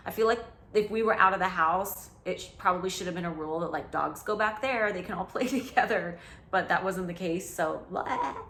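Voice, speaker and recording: A woman's voice: fairly low pitch, a little fast, fairly bright tone, echoey room. A woman in her forties chatting candidly through a reaction commentary, self-mocking, with lots of "like". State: out of breath. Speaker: host reacting to her old TV show. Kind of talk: casual commentary vlog.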